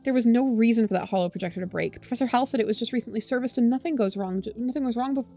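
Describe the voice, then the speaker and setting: A woman voicing a worried, clever teen girl who speaks in halting restarts. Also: fairly high pitch, mellow, faint music behind. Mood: troubled. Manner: halting, restarts mid-sentence.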